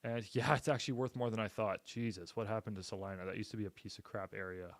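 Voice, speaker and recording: A man's voice: on the low side, fairly even intonation, fast talker, hardly any pauses, no room sound. A man casually commenting on a live stream as he makes cold calls, talking bluntly and upbeat in a salesy way and swearing now and then. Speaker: real estate investor and streamer.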